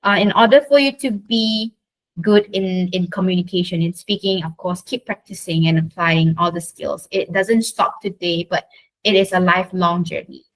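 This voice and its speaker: A woman's voice: lowish voice, moderate pace, low-quality recording. A woman leading an online speaking workshop, often checking in with "right?" and restarting her phrases. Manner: checks in often with tag questions; frequent restarts and fillers. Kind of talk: online teaching talk.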